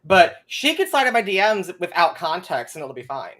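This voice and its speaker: A young man chatting as a guest on a live show. He talks in an animated, sarcastic way, swears freely and laughs a lot between points. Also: high voice, normal speed. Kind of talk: casual live chat.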